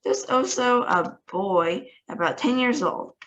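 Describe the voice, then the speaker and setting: A woman's voice: mid-range voice, takes it slowly, dull audio, natural voice. A woman reading aloud, voicing a brash, cheeky male astronaut. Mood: reporting. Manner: brash, sassy.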